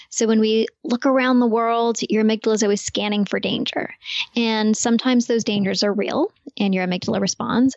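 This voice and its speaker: A woman guest explaining in an interview, clear and steady, often saying "you know". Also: mid-range voice, no echo, highs cut off. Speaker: guest expert on meditation.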